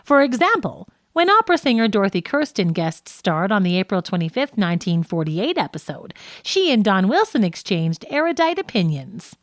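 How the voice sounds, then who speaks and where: A woman's voice: medium pitch, big pitch swings, normal speed, few pauses, dry recording, studio quality. Woman narrating a nonfiction audiobook.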